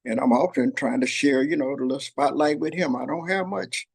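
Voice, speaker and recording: An older man speaks in a gravelly, slightly breathy voice, sharing warm family memories in an earnest, folksy manner. He repeats phrases for emphasis as he tells his story. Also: medium pitch, fairly even intonation, a little fast. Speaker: host. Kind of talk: heartfelt storytelling chat. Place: workplace shop.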